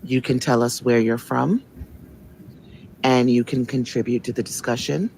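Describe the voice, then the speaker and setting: A man's voice: mid-range voice, fairly even intonation, unhurried, gravelly, darkish tone, rough recording. A man hosting a live call-in stream, firmly keeping order and giving instructions. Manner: firm, orderly, gives instructions. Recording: faint background noise.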